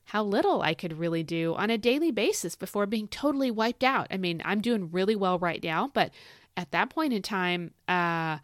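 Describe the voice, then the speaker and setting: A woman's voice: mid-range voice, animated, moderate pace, no room sound, clean studio sound. A middle-aged woman hosting a faith podcast, chatting casually and rambling with frequent restarts. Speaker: podcast host. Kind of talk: casual devotional podcast talk. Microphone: podcast microphone.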